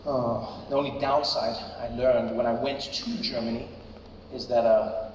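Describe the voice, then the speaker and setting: A man's voice: medium pitch, level tone, measured pace, a little hiss or hum. A man with a South African accent doing a stand-up set, telling a story and acting out the voices of people in it. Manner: storytelling, acts out voices, shouts punchlines. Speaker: stand-up comedian. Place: large arena on stage. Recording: echoey arena from far off, crowd laughter.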